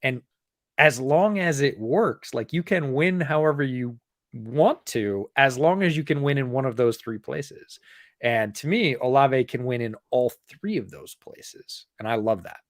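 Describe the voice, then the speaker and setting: A man co-hosting a podcast in casual chat, explaining points in a measured way and repeating them for emphasis. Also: medium pitch, expressive, no room sound, studio quality. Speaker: podcast co-host.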